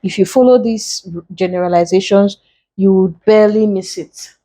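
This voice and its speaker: A woman teaching an exam-prep lesson, spelling out word endings letter by letter in a deliberate way. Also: mid-range voice, steady tone, warm tone. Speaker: English tutor.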